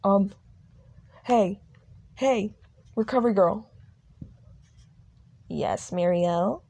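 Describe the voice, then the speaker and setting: A young woman narrating a fan audio drama slowly, halting and restarting. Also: medium pitch, creaky, mellow.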